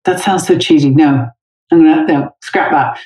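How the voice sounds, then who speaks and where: A woman guest in a casual interview, chatty and quick to laugh, talking about her work as an intimacy director. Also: deep voice, a little mellow, echoey room, poor audio. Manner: chatty, laughs easily, many fillers.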